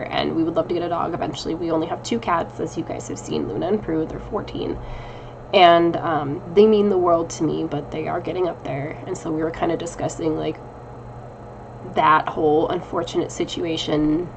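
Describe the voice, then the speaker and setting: A woman in her thirties talks through a casual personal check-in vlog in a low, gravelly voice. She rambles and pokes fun at herself, with a faint hum of the room behind her. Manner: chatty, rambling, laughs often, self-deprecating. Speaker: witchcraft vlogger.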